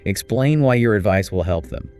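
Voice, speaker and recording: Low-voiced man teaching spoken English. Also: lively intonation, normal speed, darkish tone, faint music behind. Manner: clear, encouraging teacher delivery. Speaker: co-host of an English speaking course. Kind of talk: scripted lesson dialogue.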